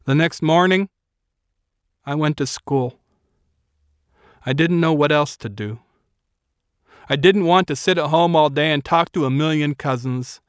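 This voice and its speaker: A man narrating a novel in a measured, quiet storytelling manner. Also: fairly high pitch, smooth, no echo, clean studio sound. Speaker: audiobook narrator. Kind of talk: scripted narration.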